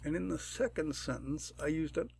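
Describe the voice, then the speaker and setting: A man talking through a programming tutorial step by step, unhurried and thinking aloud, often clearing his throat. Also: fairly high pitch, lively intonation, darkish tone. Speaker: tutorial presenter. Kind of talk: screen-recorded programming tutorial.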